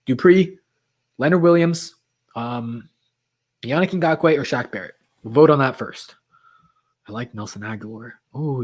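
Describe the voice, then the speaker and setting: A man hosting a late-night livestream, chatting casually with viewers and reading their comments aloud while his voice is getting worn. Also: on the high side. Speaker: livestream host.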